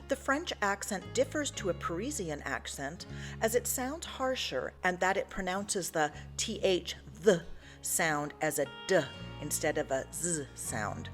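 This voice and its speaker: A woman with a low, lively voice narrates from a script in a careful, explanatory way. Clear music plays behind her. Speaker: channel host.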